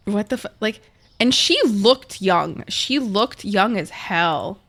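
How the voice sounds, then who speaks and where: A woman's voice: mid-range voice, lively intonation, takes it slowly, a bit bright. A woman streamer chatting casually and swearing a lot while playing a game and talking to her chat. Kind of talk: casual gaming livestream chat.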